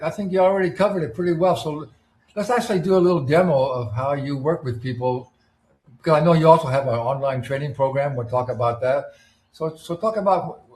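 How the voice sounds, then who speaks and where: A man hosting a casual interview, speaking in a relaxed, halting way with many restarts. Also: on the high side. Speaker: host. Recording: echoey room.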